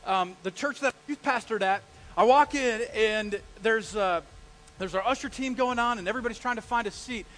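A man, a pastor, preaching a live sermon, telling stories in an animated way and asking the congregation questions. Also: high-pitched, brisk, low-quality recording.

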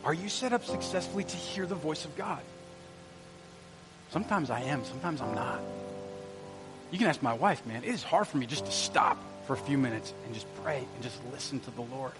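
A man's voice: medium pitch, lively intonation, a little fast, over music. A man, a pastor preaching a sermon in a church, telling stories in a conversational way and talking straight to the congregation. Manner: storytelling, conversational with asides to the congregation. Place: church sanctuary.

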